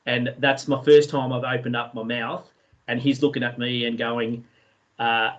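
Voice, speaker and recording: An Australian man telling a story in a relaxed way, with many fillers, as a guest speaker in an online session. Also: mid-range voice, normal speed. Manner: chatty, anecdotal, many fillers.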